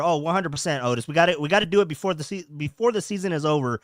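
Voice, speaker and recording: A man's voice: fairly high pitch, racing, few pauses, no echo. Young guy rambling on a podcast livestream, lots of restarts, dry close sound. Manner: rambling, repeats words, reads chat comments aloud. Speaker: podcast host. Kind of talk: casual livestream chat. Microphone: home streaming setup.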